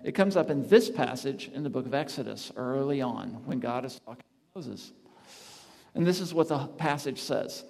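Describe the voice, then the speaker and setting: An earnest male preacher addressing a gathering in a large hall, his voice trailing off into a long reverb. He swings from emphatic peaks down to soft, hushed tones while reading scripture, at a mid-range pitch. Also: lively intonation, moderate pace, gravelly. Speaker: campus ministry speaker. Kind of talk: sermon.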